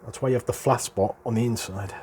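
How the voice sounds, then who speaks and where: A middle-aged British man, an airgun hobbyist presenter, walks through a hands-on repair in a casual, chatty, explanatory way, chuckling between points. His mid-range voice is darkish, with fairly even intonation, and he talks fast over slight background noise.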